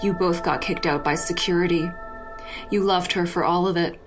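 A woman's voice: lowish voice, fairly even intonation, normal speed, slightly rough. Give me a woman narrating a story steadily, with faint background music. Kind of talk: second-person story reading.

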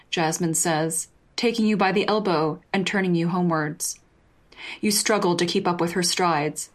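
A woman narrating a second-person story in a steady, even delivery. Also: on the low side, moderate pace.

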